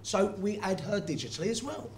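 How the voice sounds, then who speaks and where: A man's voice: high-pitched, sing-song, fairly quick, a little mellow, slight background noise. An actor playing a sarcastic, brusque film director who insults his cast.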